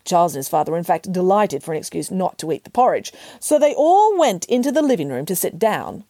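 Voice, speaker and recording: A woman reading a children's story aloud with a playful, expressive delivery. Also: lowish voice, fast, dry recording. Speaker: narrator. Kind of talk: audiobook narration.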